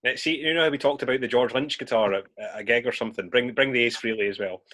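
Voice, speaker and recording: A man's voice: mid-range voice, bright, forceful tone. A man hosting a podcast in casual chat, laughing easily. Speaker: podcast host.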